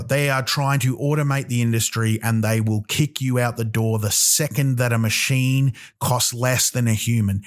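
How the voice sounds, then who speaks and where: A heated Australian man in his own podcast, ranting with profane emphasis and stumbling restarts as he pushes each point. His voice sits at an ordinary mid pitch for a man. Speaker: podcast host. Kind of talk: angry comedic rant.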